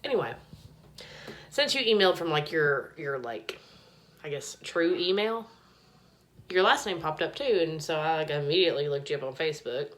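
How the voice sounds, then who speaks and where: A woman's voice: sits low, animated, moderate pace, pauses often. A woman rambling profanely in a casual chat to her phone camera from a small home bathroom, filling her talk with "like". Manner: rambling, profane, heavy use of "like". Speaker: vlogger. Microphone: phone held in hand.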